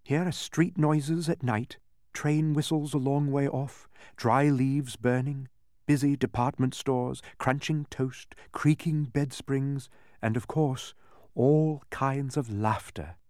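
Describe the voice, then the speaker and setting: A man voicing a kindly, fretful woman who keeps sounds, speaking gently and earnestly. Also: medium pitch, fairly even intonation, slow pace, no echo, clean studio sound, lightly acted.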